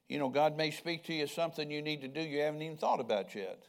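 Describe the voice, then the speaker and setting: A man's voice: a little high, fairly quick. An older man preaching a sermon in a conversational way, often asking the congregation questions. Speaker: pastor.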